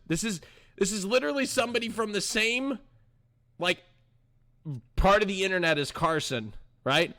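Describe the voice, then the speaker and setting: Young male streamer-host, bright tone, pitched a little high, loose rambling chat with his viewers. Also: normal speed, pauses often. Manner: rambling, chatty, talks back to his chat. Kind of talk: casual live-stream chat.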